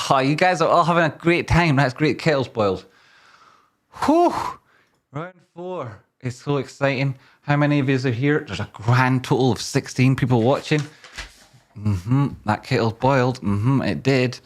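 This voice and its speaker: A man's voice: fairly high pitch, lively intonation, moderate pace, fairly bright tone. A man hosting a casual live stream, joking and teasing as he reads viewer comments aloud and hypes up a guess-the-tune game.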